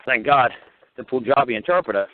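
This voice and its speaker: A man's voice: medium pitch, animated, brisk, slight background noise. A man from the United States, a regular talk show speaker telling stories in a blunt, profane, emphatic and repetitive way. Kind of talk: casual storytelling monologue. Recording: tinny phone line.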